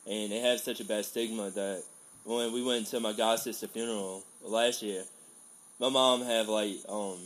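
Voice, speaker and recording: A man in casual conversation, telling stories in an animated way. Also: fairly low pitch. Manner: animated storyteller, quick to laugh. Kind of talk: casual chat.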